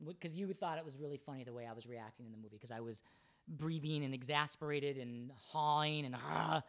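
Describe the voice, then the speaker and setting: A man's voice: a little high, fairly quick, a bit bright. A man in casual conversation about a film, frank and questioning, swearing freely.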